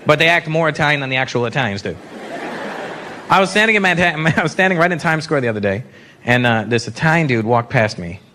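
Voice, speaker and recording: A man's voice: on the high side, fast. A man performing profane stand-up comedy on stage, acting out characters with audience laughter behind him. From Canada. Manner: animated, profane, acts out characters. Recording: live stage mic with crowd noise.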